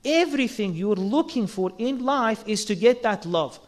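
A man's voice: sits high, lively intonation, normal speed. A man giving an earnest sermon, asking rhetorical questions and acting out quoted lines. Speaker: religious speaker.

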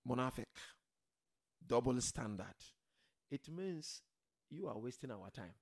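A man preaching a religious sermon to a seated gathering, emphatic, swinging from loud declarations to quiet murmurs and addressing the listeners directly. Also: mid-range voice, very animated, measured pace, creaky. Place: gathering hall with a seated audience.

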